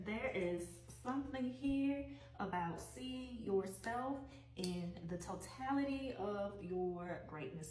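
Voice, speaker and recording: A woman giving a weekly tarot reading, unhurried and musing aloud, often repeating her phrases. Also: medium pitch, a little mellow, reverberant, distant mic, low-quality recording. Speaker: tarot reader.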